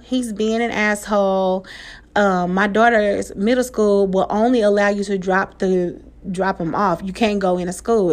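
Lady, kinda high voice, animated, cussing and laughing while she tells a story. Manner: animated, swearing, laughing often, loud high outbursts. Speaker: mother telling a story. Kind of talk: casual storytelling vlog.

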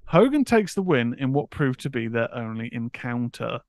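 A laid-back British man co-hosting a casual wrestling podcast, at a middle pitch. He reads out history segments and laughs easily at his co-host. The mic is close, with a dry sound. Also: very animated, normal speed, a little mellow, no room sound.

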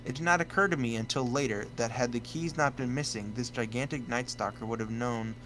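A man's voice: mid-range voice, fairly quick, a bit bright, rough recording. A man co-hosting a comedy podcast, reading a scary story aloud and chatting casually, often stumbling, restarting and laughing mid-sentence. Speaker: podcast co-host.

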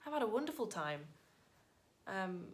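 A woman talking casually to her camera in a heartfelt vlog, thanking viewers and reflecting softly with sudden bright bursts. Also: mid-range voice, sing-song, normal speed. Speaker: vlogger.

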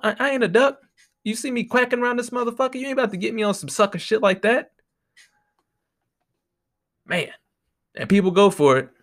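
Man on a profane, animated rant. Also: high voice. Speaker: podcast host. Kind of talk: casual ranting monologue. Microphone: close to the microphone.

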